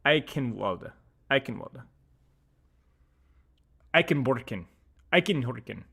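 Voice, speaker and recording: A man's voice: medium pitch, slow pace, creaky, husky. A young man streaming, chatting casually while reading words aloud and flaring into mock outrage. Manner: animated, flares into mock-outraged shouting. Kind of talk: casual pronunciation chat.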